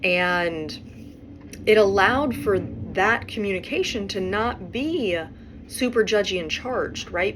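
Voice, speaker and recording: A woman hosting a podcast, talking through relationship advice in a relaxed, conversational way and often checking in with "right?". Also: medium pitch, noisy background. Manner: conversational, frequent "right?" tag questions. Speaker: podcast host and therapist. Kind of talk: casual advice monologue.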